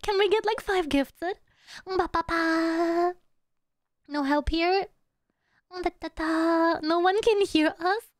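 Very high-pitched playful woman streamer. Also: sharp tone, no echo, clean studio sound. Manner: playful, hums little "da da da" tunes between thoughts; teasing, giggly with her chat. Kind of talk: casual live-stream chat.

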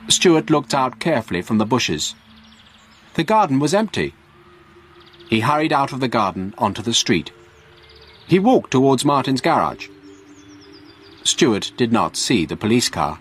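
A man narrating a graded English story for learners in a slow, clear reading voice. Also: medium pitch, big pitch swings, a little hiss or hum.

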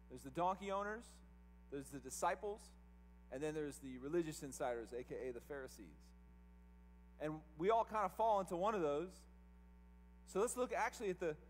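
A man preaching a sermon as pastor, animated, acting out quoted voices to tell the story. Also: sits high, big-room sound. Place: church sanctuary.

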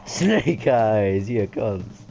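Give me a gloating, roaring cartoon devil, put on by a British man reading a game's storybook intro. He taunts and swears, and his voice leaps around with lively swings. Faint music plays behind him. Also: fairly low pitch, very slow, vocal fry, full character voice. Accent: British English. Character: booming male devil, gloating casino owner.

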